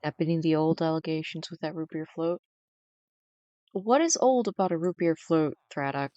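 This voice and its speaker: A woman streaming a game live, chatting casually with her chat and teasing them in a dry, deadpan way. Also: low-pitched, moderate pace, no echo, highs cut off.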